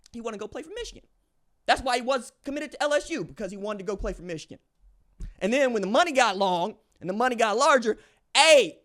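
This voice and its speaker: A man with a high-pitched speaking voice delivers opinionated sports commentary as a podcast host. He talks in a slangy, emphatic way and hammers his points by repeating phrases. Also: fairly bright tone.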